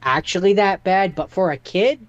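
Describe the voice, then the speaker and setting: Halting man in his thirties, dull dry sound. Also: high voice, no room sound. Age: 30s. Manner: halting, many fillers. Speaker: podcast co-host. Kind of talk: casual movie review chat.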